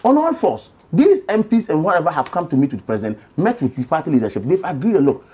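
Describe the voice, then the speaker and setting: A panelist arguing a party position emphatically, repeating key phrases. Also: quick pace. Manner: emphatic, repeats phrases, lively swings in pitch. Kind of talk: political panel discussion.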